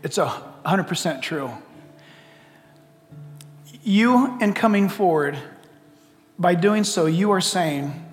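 High-voiced preacher in an echoing hall. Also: male voice, unhurried, pauses often, breathy edge, faint music behind. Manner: earnest, pleading preacher, blunt and repetitive. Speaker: pastor. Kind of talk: sermon with altar call. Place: church sanctuary. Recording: long reverb of a large hall.

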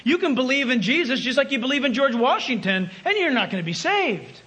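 A man preaching a sermon, emphatic, swinging between loud calls and hushed asides. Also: very high voice, very animated, a little fast, husky.

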